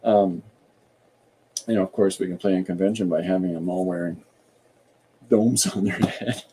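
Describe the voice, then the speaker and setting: A man hosting an art podcast, thinking aloud in a relaxed, rambling way while he draws and reads viewer comments. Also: low voice, moderate pace, slight background noise, poor audio. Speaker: artist and podcast host. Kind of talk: casual livestream chat while drawing.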